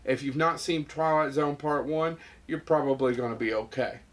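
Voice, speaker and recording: A man's voice: fairly high pitch, steady tone, moderate pace. A man hosting a comedy podcast, bantering casually and steering the talk back on topic between crude jokes. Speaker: podcast host.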